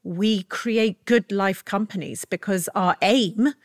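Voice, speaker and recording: A woman's voice: mid-range voice, slow pace, dry recording, clean studio sound. A woman hosting a podcast interview, enthusiastic and encouraging, rambling as she builds her questions. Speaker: podcast host.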